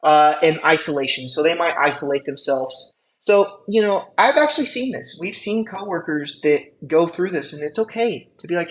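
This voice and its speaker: Man, EMT instructor, lecture, conversational, fillers, check-in questions, fairly high voice. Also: lively intonation, brisk, rough recording. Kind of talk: classroom lecture.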